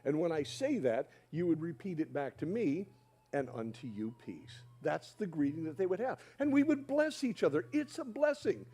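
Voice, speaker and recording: A man's voice: fairly high pitch, sing-song, normal speed, dark tone, husky. A man speaking at a church dinner, teaching the audience in a friendly way and coaxing them to repeat after him. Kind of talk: sermon-style teaching. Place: hall with an audience.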